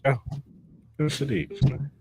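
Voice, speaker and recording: A man's voice: medium pitch, lively intonation, darkish tone. A man co-hosting a podcast, chatting casually about sports in a laid-back, teasing way. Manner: laid-back, teasing, drawn-out one-liners. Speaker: podcast co-host.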